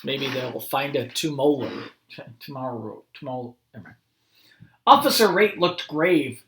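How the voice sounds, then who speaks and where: A man, a school principal, reading a picture book aloud to children and chatting gently in asides. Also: medium pitch, animated, a little slow. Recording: roomy echo.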